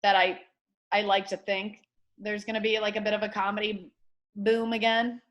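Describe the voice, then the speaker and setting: A young adult woman from the Detroit area, a comedian telling a story on a podcast in casual chat, acting out quotes with big loud voices. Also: mid-range voice, moderate pace. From Michigan, Detroit area. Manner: animated storyteller, acts out quotes loudly. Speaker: comedian guest.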